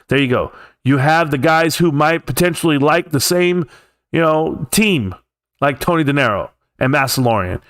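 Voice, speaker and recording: A man's voice: a little high, a bit bright, no room sound, clean studio sound. A man with a California accent hosting a livestream, ranting heatedly and profanely in a rambling way. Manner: heated, profane, rambling rant with mocking quoted voices. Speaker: livestream host.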